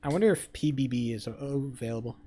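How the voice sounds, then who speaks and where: A young man live-streaming, loudly trash-talking and swearing as he banters with his chat. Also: mid-range voice, fast talker, breathy edge. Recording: faint music behind the voice.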